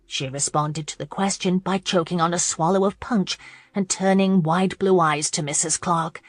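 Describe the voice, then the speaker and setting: A woman reads a romance audiobook in a measured, expressive voice, pitched on the low side. The sound is close and dry, with no room around it. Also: no echo. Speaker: audiobook narrator. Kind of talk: scripted romance narration.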